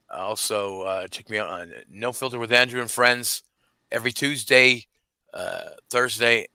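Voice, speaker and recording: Male guest, rambling, hesitant, very bright clear voice. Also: lowish voice, no room sound. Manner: rambling, hesitant, many fillers. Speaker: guest podcaster. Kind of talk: casual chat, plugging shows.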